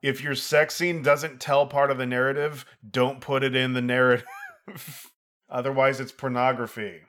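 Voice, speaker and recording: A man co-hosting a casual movie review podcast, relaxed and wry, laughing along with his partner. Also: mid-range voice, moderate pace. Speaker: podcast co-host.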